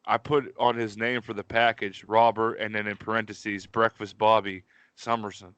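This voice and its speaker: A man's voice: lowish voice, little pitch movement, moderate pace, a bit bright, clean tone, no echo, highs cut off. A man from Pittsburgh, co-hosting a podcast and telling rambling, profanity-laced stories while calling everyone "dude". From Pittsburgh, USA. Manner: profane, rambling, uses 'dude' constantly. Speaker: podcast co-host. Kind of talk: casual storytelling chat.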